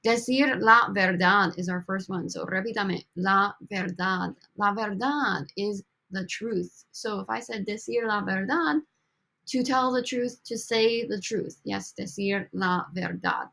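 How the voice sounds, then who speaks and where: A Spanish teacher gives a recorded language lesson over slides, speaking at a measured pace in a medium-pitched voice that is creaky and sharp. She sounds upbeat and coaxing as she drills students with prompts.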